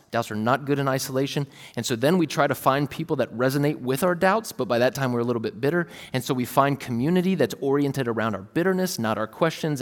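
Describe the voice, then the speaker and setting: Male pastor, 30s, relaxed storytelling sermon delivery, mid pitch, reverberant hall. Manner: casual, storytelling, acts out his kids' voices.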